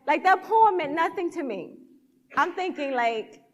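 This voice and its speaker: A woman's voice: very high voice, expressive, measured pace, in a large hall, highs cut off. A woman speaker at a church event, telling a personal story in a sermon and acting out the dialogue with animation.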